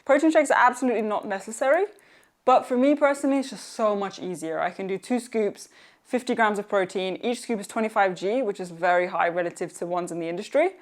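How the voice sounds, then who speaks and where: Working out at home and partly outdoors, this young woman narrates for her fitness vlog with chatty, upbeat encouragement and some teasing of herself. She talks fast in a mid-range voice.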